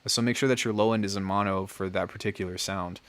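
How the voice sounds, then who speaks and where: A young music producer talks fast in a low-pitched voice with fairly even intonation. Casually chatting on his livestream, he gives friendly feedback on music and leans on lots of fillers.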